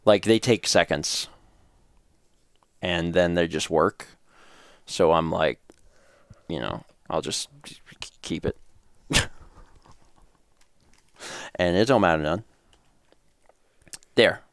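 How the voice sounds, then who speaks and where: A man's voice: deep voice, takes it slowly, gravelly, long pauses, fairly bright tone, dry recording. A man hosting a casual game stream, thinking aloud and laughing often as he sets up. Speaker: streamer host. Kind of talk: casual chat while setting up a game stream. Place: home streaming setup.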